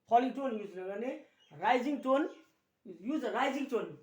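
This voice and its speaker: A male teacher with a Nepali accent giving an English grammar lesson, speaking slowly, repeating key words and slipping into Nepali to explain. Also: extremely high pitch, lively intonation, a little mellow, recorded from a distance. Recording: echoey room, voice a little off-mic.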